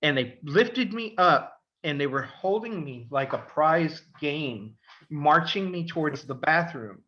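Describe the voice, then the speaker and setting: A middle-aged man tells a story on a casual podcast, his voice bright and forward. He acts out the other people with lively voices. The audio is a little dull and lo-fi. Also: fairly high pitch, a little slow. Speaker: podcast co-host, father.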